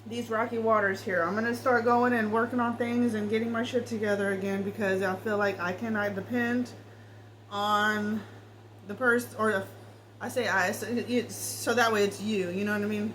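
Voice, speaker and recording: A woman's voice: medium pitch, fairly even intonation, moderate pace, a bit bright, a little hiss or hum, poor audio. A woman giving a casual tarot reading, talking straight to the viewer in a blunt, swearing way. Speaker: tarot reader.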